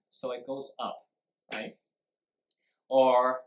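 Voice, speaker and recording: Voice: mid-range voice, slow pace, long pauses, slight background noise. Emphatic teacher explaining intonation in a roomy echo. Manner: emphatic, demonstrates stress and intonation with examples; switches briefly into Mandarin to explain. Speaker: English speaking teacher. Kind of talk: live-streamed speaking lesson.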